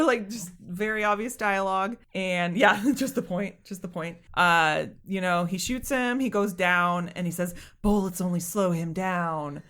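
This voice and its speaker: A woman co-hosting a podcast, chatting casually about a movie, laughing often and acting out scenes in quick little voices. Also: medium pitch, a bit bright. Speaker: podcast co-host. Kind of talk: casual movie review chat.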